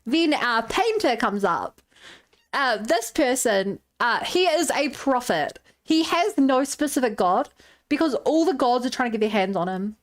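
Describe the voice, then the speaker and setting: A woman's voice: a little high, sing-song, measured pace. A woman streamer casually retelling a tabletop game session, chatty and loose with lots of filler words.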